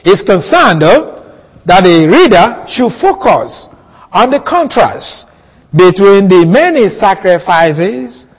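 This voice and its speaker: A man teaching a Bible passage in a sermon, slow and deliberate, repeating key words for emphasis. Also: high-pitched, long reverb tail, low-quality recording. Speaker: preacher.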